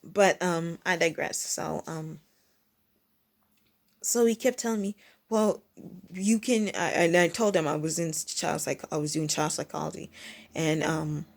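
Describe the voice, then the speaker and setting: Young woman vlogger, low-pitched voice, rambling casual storytime, restarts her sentences. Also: steady tone, unhurried, creaky. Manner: rambling, self-interrupting, mimics others in high squeaky bursts.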